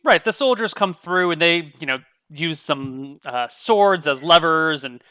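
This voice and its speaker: Man as dungeon master, bright crisp voice, relaxed, dry close sound. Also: fairly high pitch, unhurried, no room sound. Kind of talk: narrating a tabletop game.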